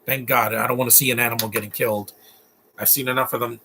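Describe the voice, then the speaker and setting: A man's voice: mid-range voice, flat delivery, quick pace, sharp tone, a little hiss or hum. A man giving casual, opinionated live commentary while watching a movie, rambling through asides and restarts.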